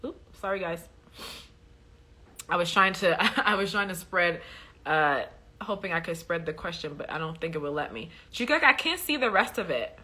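A woman's voice: lowish voice, lively intonation, moderate pace, bright, forceful tone. A woman hosting a faith livestream, teaching casually with lots of fillers and a repeated "okay?" as she answers viewer questions. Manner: chatty, many fillers, preachy emphasis with repeated "okay?".

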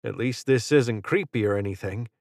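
A man's voice: medium pitch, moderate pace, gravelly, darkish tone, no room sound, clean studio sound, close to an everyday voice. A man doing a nervous, hesitant young man. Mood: uneasy. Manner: hesitant, uneasy.

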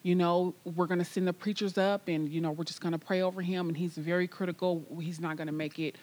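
Lower-pitched woman, guest, emphatic storyteller sharing her faith testimony. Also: steady tone, fast, darkish tone.

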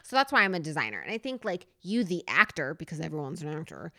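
A woman's voice: deep voice, sing-song, fast talker, creaky, sharp tone. A woman from New Jersey with a slight Jersey accent, co-hosting a podcast in playful casual chat, laughing and swearing. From New Jersey, USA. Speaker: podcast co-host.

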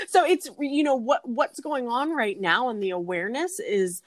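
A woman co-hosting a relaxed conversation, animated and quick to laugh as she tells stories. Her voice sits in an average register and is recorded dry and close. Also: fairly high pitch, no echo. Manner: animated, laughs easily, storytelling. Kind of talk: casual conversation.

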